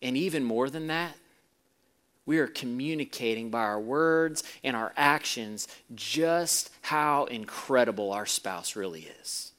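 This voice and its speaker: A pastor preaches to his congregation, voicing the people in his story and shifting from soft, low passages to loud, emphatic ones. His pace is a little slow.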